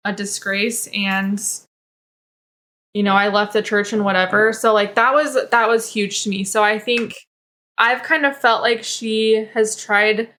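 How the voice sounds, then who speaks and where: Bright, chatty woman guest. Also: medium pitch, fairly even intonation, a little slow. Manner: candid, open, filler-heavy talk. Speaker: podcast guest. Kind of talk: casual chat.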